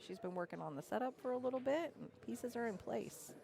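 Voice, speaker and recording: A woman commentating a live pool match, breaking down shots in a measured, analytical way with a dry sense of humor. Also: on the high side, expressive, vocal fry, background noise. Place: pool hall.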